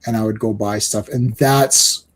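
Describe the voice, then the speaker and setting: A man's voice: lowish voice, fairly even intonation, measured pace. A middle-aged man from Canada hosting a live stream, chatting casually and rambling with many restarts. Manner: rambling, self-interrupting, chuckling. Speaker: stream host.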